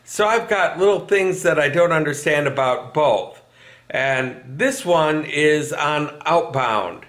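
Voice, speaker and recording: A man's voice: fairly high pitch, a bit bright. A man vlogging from his couch at home in a chatty way, laughing often. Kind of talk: casual talk to camera.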